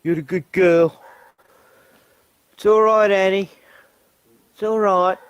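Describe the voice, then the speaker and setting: A man's voice: sits high, steady tone, slow, smooth, dry recording, highs cut off. A man ranting in a casual outdoor vlog, swearing at crowing roosters and cooing to his dogs. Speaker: vlogger. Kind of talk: casual outdoor rant to camera. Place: outdoors in a rural yard.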